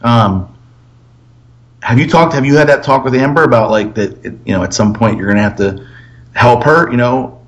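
A man hosting a casual podcast chat, an animated storyteller who swears freely and acts out other people's voices. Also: medium pitch, normal speed, dull audio. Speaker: podcast host.

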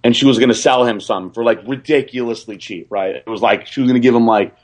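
A young man telling a story on a podcast in a rambling, excited way, full of fillers and restarts. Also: medium pitch, fast talker. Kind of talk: casual storytelling.

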